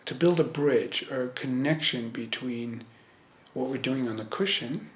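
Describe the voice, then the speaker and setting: A male Zen teacher giving a meditation talk, searching for words with frequent restarts and pauses. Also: mid-range voice, echoey room, a little hiss or hum. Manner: hesitant, searching, many restarts. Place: meditation hall.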